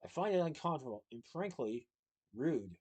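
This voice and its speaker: A man's voice: medium pitch, big pitch swings, normal speed, darkish tone, slightly rough. A man voicing a tiny, pompous male Oompa Loompa who scolds haughtily in a storybook reading. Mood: indignant.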